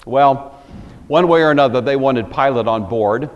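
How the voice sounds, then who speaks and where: A man's voice: medium pitch, normal speed, long reverb tail, dull audio. A man teaching a lesson on a Bible passage in a conversational way, with frequent asides as he thinks aloud.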